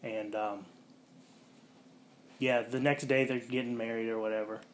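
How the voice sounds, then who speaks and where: A man hosting a casual podcast, rambling through a movie plot with lots of fillers and quick voiced-out quotes. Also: medium pitch, flat delivery. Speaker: podcast host.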